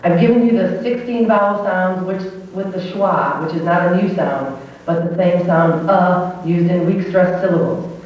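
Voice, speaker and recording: A woman teaching pronunciation who slowly models each vowel sound and patiently explains how the lips and jaw move. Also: on the low side. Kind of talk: slow demonstrative pronunciation lesson. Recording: old VHS tape, distant roomy echo, dull with faint hum.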